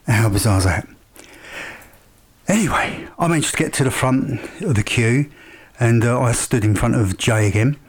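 A man tells a long story in a casual, excited way. He wanders off track and fills the gaps with ums and uhs. His voice sits at an ordinary middle pitch. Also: normal speed, pauses often, breathy edge. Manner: chatty, enthusiastic, rambling with fillers. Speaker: vlogger.

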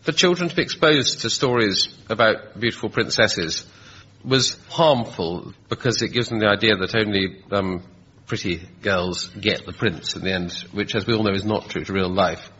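A man's voice: on the low side, moderate pace, few pauses, fairly bright tone, husky. A man on a comedy panel, telling a story wryly, with rambling hesitations. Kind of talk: improvised comic chat. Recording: lo-fi broadcast audio.

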